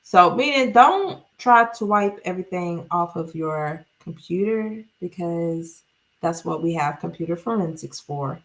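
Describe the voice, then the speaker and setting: A woman's voice: on the low side, animated, measured pace. A woman hosting her own channel, reading a legal document aloud and then chatting with viewers in a casual, sarcastic way.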